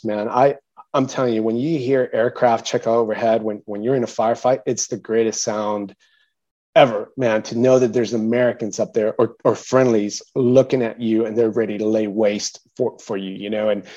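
A man recounts a story as a guest, in a relaxed, mellow voice full of fillers and restarts. He gets animated and louder whenever he quotes someone. The recording sounds somewhat dull and lo-fi. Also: mid-range voice, moderate pace. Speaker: interview guest, military veteran. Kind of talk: casual storytelling.

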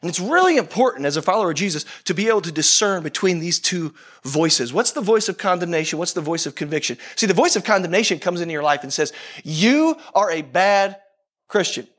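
High-voiced man preaching a conversational sermon. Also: animated, fast, fairly bright tone. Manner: conversational preaching with repeated phrases. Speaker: pastor.

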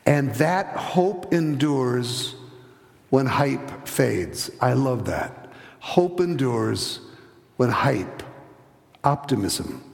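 A man preaching a sermon, telling stories and acting out the voices in them, sometimes dropping soft and low for emphasis. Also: gravelly. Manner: storytelling, acts out voices in anecdotes; hesitant restarts, drops to soft low tones for emphasis. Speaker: pastor. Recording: long hall reverb.

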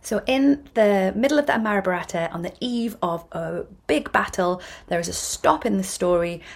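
A woman's voice: medium pitch, expressive, moderate pace, vocal fry, slightly rough. A woman hosting a yoga podcast, explaining ideas in a chatty, self-correcting way with frequent restarts. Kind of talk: casual explanatory talk.

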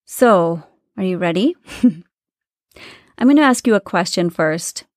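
A woman's voice: lowish voice, expressive, takes it slowly, a little mellow, no room sound, clean studio sound. A woman hosting a self-help podcast, talking directly to listeners in an earnest, coaching way. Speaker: podcast host.

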